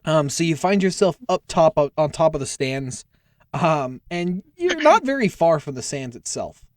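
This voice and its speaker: A man's voice: a little high, sing-song, moderate pace, no room sound, studio quality. A young man running a tabletop game as game master, narrating in a casual, filler-heavy way with cursing.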